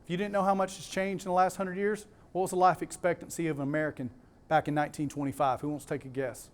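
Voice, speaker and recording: A man's voice: a little high, flat delivery, fast talker. A man with a Southern US accent giving a keynote talk to a live audience, emphatic, repeating key words and putting questions to the crowd. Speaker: conference speaker.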